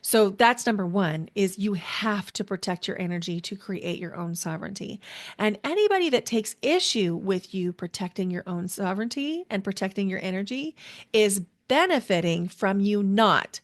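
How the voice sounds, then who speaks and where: A woman hosting a solo podcast, speaking earnestly and deliberately with pauses, in a spiritual, emotional tone. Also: mid-range voice, expressive. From United States. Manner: spiritual, guiding a grounding exercise. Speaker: podcast host.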